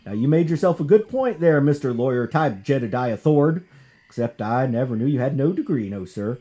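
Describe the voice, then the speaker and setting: Guy doing a southern sheriff, slow folksy drawl, no-nonsense, mellow tone. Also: mid-range voice, animated, close to an everyday voice. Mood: stern. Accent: Southern US, put on. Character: stern small-town male Southern sheriff.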